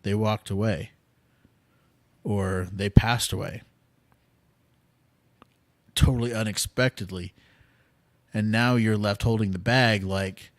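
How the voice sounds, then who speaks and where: Slow, earnest male podcast host. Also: on the low side, fairly even intonation, no echo. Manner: slow, earnest, rising to impassioned intensity; conversational with fillers and restarts. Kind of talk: spoken devotional talk.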